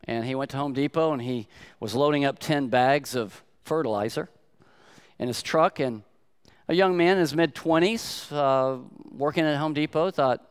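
An older man preaching a sermon, telling stories emphatically with sharp swings in loudness. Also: on the high side, normal speed, clean tone. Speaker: pastor.

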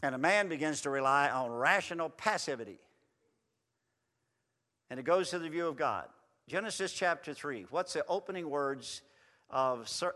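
A man preaching a folksy sermon in a church hall, animated and building to loud emphatic runs. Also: a little high. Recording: long reverb in a hall.

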